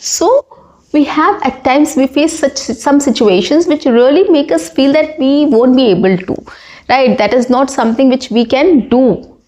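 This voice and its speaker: A woman's voice: high-pitched, a little slow, mellow. A young woman teaching spoken English in an earnest tone, telling a personal story and often checking in with "right?".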